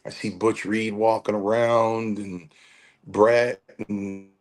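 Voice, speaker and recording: Low-voiced middle-aged man telling stories. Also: slow pace. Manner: animated storyteller, acts out quotes. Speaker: podcast guest. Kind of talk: storytelling interview.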